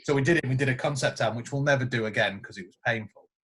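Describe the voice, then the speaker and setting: A guest guitarist chats casually on a podcast, telling stories and acting out the quotes as an animated storyteller. His voice sits in the mid-range and moves very fast.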